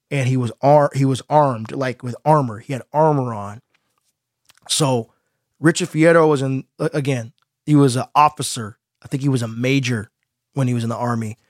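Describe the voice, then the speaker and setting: A man co-hosting a casual podcast, telling stories in an animated way and laughing easily. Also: mid-range voice, no room sound, clean studio sound. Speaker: podcast co-host.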